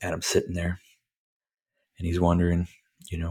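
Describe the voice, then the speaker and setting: A man's voice: low-pitched, completely flat delivery, normal speed, dark tone, slightly rough. A man hosting a podcast, casually recapping a film in a rambling, profane way and laughing often. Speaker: podcast host.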